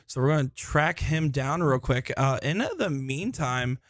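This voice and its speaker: A man of medium pitch calls a live darts tournament on his own, chatting easily and joking at his own expense. His voice sounds dry and close, with little room around it. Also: measured pace, fairly bright tone, dry recording. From Florida. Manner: chatty, joking, self-deprecating. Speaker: darts commentator. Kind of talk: live solo sports commentary and chat. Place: busy tournament room, indoors.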